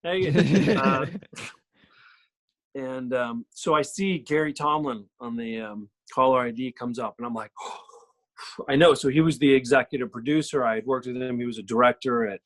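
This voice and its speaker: A man's voice: mid-range voice, normal speed, a bit bright. A man on a podcast from home, telling a story in a chatty, casual way, full of fillers. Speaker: podcast guest, soap actor. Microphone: remote call from home.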